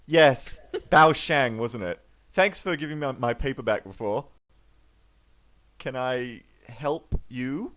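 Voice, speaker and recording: A man's voice: mid-range voice, lively intonation, moderate pace, a bit bright, pitched above the performer's own voice, natural voice. A man voicing a flustered traveler who stammers and hesitates.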